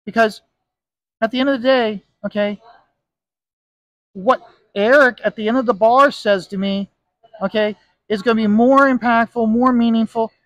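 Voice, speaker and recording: In a bar, a man who inks comic books and hosts videos delivers a rambling, emphatic vlog monologue, returning again and again to "okay?" for emphasis. He speaks in a fairly high register for a man, and the recording is dry, with no room sound at all.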